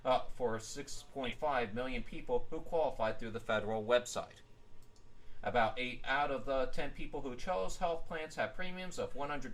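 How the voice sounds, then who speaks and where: Man co-host, mid pitch, jokey reads, slight background hiss. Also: a bit bright, rough recording. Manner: jokey, inserts puns and filler "uh"s. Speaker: news show co-host. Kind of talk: casual news commentary.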